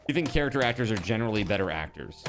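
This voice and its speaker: A man casually chatting to his viewers while he plays a game, animated and rambling, with many fillers and restarts. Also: fairly low pitch, background noise. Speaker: streamer.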